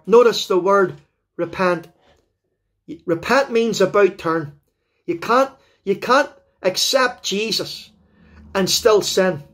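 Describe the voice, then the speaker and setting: A male preacher with a Northern Irish accent delivers an evangelistic sermon in a fervent style. His voice sits high for a man. He presses his listeners with repeated, direct questions. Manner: fervent, repetitive appeals to the listener.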